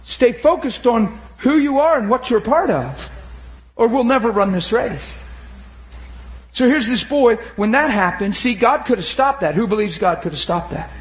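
A man preaching an impassioned sermon, shouting at times and then dropping to a hushed retelling, urging the crowd on. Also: very high voice, lively intonation, normal speed, echoey room. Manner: urges the crowd with repeated calls of "come on".

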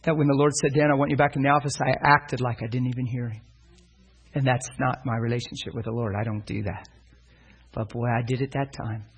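A man's voice: mid-range voice, fairly even intonation, brisk, slightly rough, poor audio. A middle-aged man preaching, telling a personal story and acting out the dialogue with animation. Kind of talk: sermon storytelling.

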